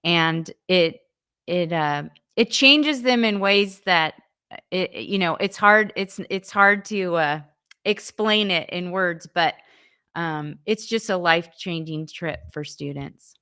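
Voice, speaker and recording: A woman's voice: on the low side, slow pace, sharp tone, clear, resonant tone. A woman youth ministry leader answering interview questions, earnest and often restarting her sentences.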